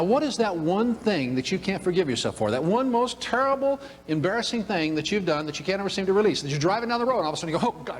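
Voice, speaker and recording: An older man giving a motivational talk, telling a humorous story in an animated way to a room of listeners. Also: high voice. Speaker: motivational speaker. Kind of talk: storytelling keynote speech. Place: event room with audience. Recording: long hall reverb.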